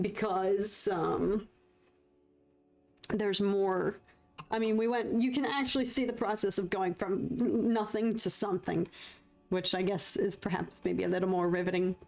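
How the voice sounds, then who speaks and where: A woman's voice: mid-range voice, vocal fry, a little mellow. Chatty woman painting on a live stream. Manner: chatty, self-conscious, rambling with fillers. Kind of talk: casual live-stream chat while painting.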